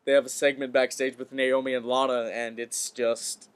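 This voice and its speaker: Guy cohosting a wrestling podcast, keeps restarting his sentences, middle pitch. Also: flat delivery, moderate pace, clean tone. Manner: hesitant, repeats words and restarts often. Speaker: podcast co-host. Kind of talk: casual wrestling chat.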